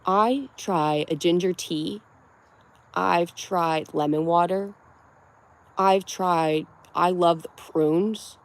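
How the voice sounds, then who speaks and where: A young woman from Connecticut, USA, hosts a casual livestream, chatting and giggling as she answers viewers' comments. Her voice is on the low side and extremely slow.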